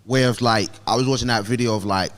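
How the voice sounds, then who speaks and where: A man's voice: medium pitch, steady tone, fast. A man, a guest comedian on a podcast, talking loosely and rambling with lots of fillers. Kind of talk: casual podcast chat.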